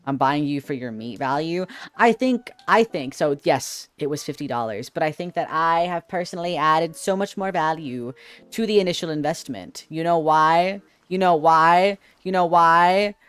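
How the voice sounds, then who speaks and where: A man's voice: a little high, expressive, normal speed, a bit bright, smooth. A man streaming from home on a headset mic, chatting playfully with his chat in a sassy way and sometimes screaming. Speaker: livestreamer reading chat.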